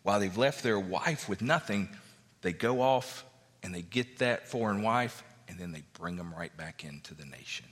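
A man's voice: low-pitched, animated, moderate pace, fairly bright tone, big-room sound. A male pastor preaching a sermon, reading verses aloud and explaining them in a conversational way.

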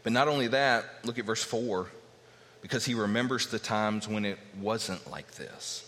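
A man's voice: on the low side, normal speed, fairly bright tone. A man preaching a sermon earnestly, teaching verse by verse and acting out the voices he quotes. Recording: long hall reverb.

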